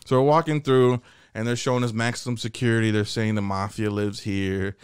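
A young adult man, a comedian, telling a rowdy story on a podcast in a casual, profane, animated way. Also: fairly low pitch, fairly quick, clean tone. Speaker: comedian guest.

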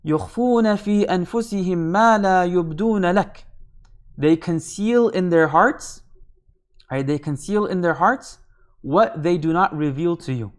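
Guy teaching scripture, rattles off arabic lines super fast then slows way down to explain, keeps saying right?. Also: high voice. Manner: reads Arabic text quickly, then explains it slowly in English; repeats phrases, asks "right?". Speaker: Islamic scholar teaching Quran commentary. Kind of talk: line-by-line scripture lesson.

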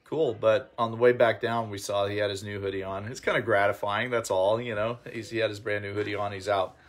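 A man's voice: on the low side, steady tone, a little fast. A man in casual conversation, supportively filling in details of the outreach stories and agreeing along. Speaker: co-host on a mission outreach.

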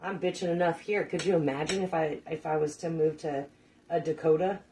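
A woman's voice: low voice, fairly even intonation, brisk, warm tone, slight background noise. A middle-aged woman hosting a casual cooking livestream, chatting with viewers, swearing casually and laughing often. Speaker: cooking show host.

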